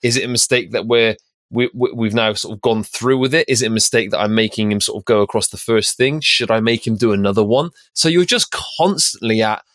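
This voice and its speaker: Brief: male podcast co-host, lowish voice, thoughtful, questions himself aloud, dry studio sound. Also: a little fast, a bit bright, no echo. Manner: reflective, thinks aloud with rhetorical questions. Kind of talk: casual conversational discussion.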